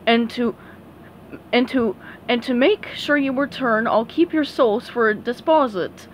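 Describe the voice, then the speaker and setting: Lady doing a spooky ghost pirate captain, loud and booming, pirate talk, storybook villain. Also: unhurried, a little hiss or hum, close to an everyday voice. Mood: bargaining.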